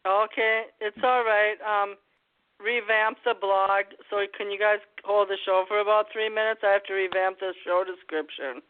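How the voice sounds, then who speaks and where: A woman hosting a casual call-in talk show, quizzing her co-hosts with trivia in a brisk, joking way. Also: mid-range voice, steady tone. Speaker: host. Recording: tinny phone-like line.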